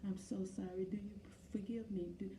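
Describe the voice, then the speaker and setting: A woman's voice: medium pitch, fairly even intonation, normal speed, warm tone, slight background noise, pitched above the performer's own voice, natural voice. A woman voicing a terrified, guilt-ridden woman patient who screams and then begs in frantic whispers. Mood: pleading. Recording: echoey room, from far off.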